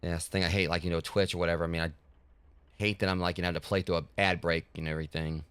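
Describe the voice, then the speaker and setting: A man's voice: low-pitched, flat delivery, rapid-fire, a bit bright, clean tone, no echo. A man streaming a horror game and chatting loosely to his viewers, rambling with lots of fillers. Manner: rambling, heavy with fillers like "like" and "you know". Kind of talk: casual gaming livestream talk.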